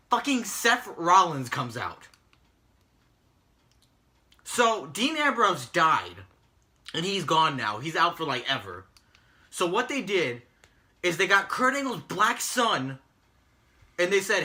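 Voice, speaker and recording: Cast: male co-host, bright, somewhat high voice, exasperated and mocking rant delivery. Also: lively intonation, unhurried, long pauses. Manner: exasperated, mocking, swears often. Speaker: podcast co-host recapping wrestling. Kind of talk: casual profane rant.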